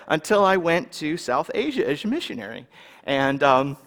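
A man from California, preaching a sermon in a casual, animated way and telling personal stories while checking in with his listeners. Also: fairly high pitch, normal speed, long reverb tail. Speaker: pastor.

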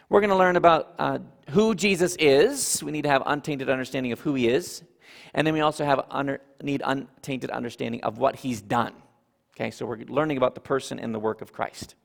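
A man preaching a sermon as pastor, emphatic and animated, with asides to the congregation. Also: mid-range voice, brisk, vocal fry. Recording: reverberant hall.

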